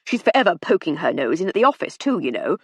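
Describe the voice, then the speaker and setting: A woman voicing a resentful, scornful man in an audiobook, grumbling loudly. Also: on the low side, sing-song, fast, breathy edge, no room sound. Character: grumbling, snobbish middle-aged man. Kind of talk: audiobook character reading.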